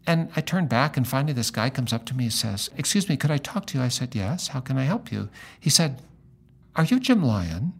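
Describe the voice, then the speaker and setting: A middle-aged man, a pastor, talking in a relaxed conversation and telling a story, acting out the lines of the people in it. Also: mid-range voice, a little fast, gravelly, husky. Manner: animated storyteller acting out dialogue. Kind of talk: conversational storytelling in a podcast interview.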